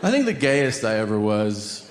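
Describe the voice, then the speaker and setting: A male stand-up comic tells a story in a big live venue, with a swinging, animated pitch that leaps upward for his flustered reactions. His voice bounces around a roomy, echoing hall with a long tail. A huge crowd and heavy background noise sit under every line. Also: normal speed. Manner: animated storytelling, jumps high for his own flustered lines. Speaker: stand-up comedian. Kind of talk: stand-up comedy set. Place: large venue with a loud audience.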